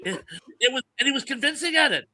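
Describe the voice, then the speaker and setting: A man's voice: extremely high pitch, expressive, fast talker, a crowd in the background. A man hosting a casual podcast chat, playful and jokey, acting out quotes. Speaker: podcast host.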